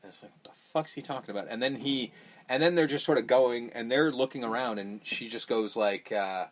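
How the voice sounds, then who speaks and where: Male podcast host, mid-pitched voice, loose and profane, retelling scenes with quick voiced-out quotes. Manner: swears freely, acts out characters' lines. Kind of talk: casual movie recap chat.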